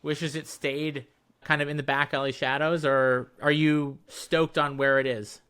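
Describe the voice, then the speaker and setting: Man in his 30s, fairly high, bright voice, eager podcast host, curious and probing. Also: level tone, measured pace, clear, resonant tone. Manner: eager, probing questions with lots of "like". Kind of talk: casual podcast interview.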